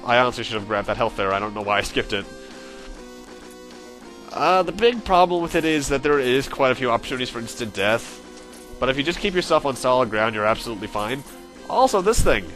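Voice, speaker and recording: A man gives relaxed let's play commentary over faint game music. His voice sits at an average pitch with a bright, forceful tone. He rambles chattily and catches his own slips. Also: brisk. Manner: chatty and self-correcting, with frequent fillers. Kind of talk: casual gameplay commentary.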